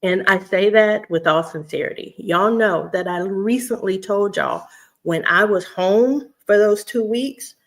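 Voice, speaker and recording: A woman's voice: mid-range voice, a little slow. A woman from Houston, chatting casually to her viewers and laughing often. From Houston, Texas. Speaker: vlogger.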